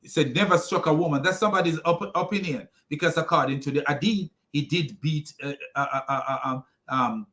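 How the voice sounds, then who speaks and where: Argumentative man, bright tense voice. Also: fairly high pitch, a little fast, few pauses. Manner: argumentative, many fillers and restarts. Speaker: religious commentator. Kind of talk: critical commentary on a played clip.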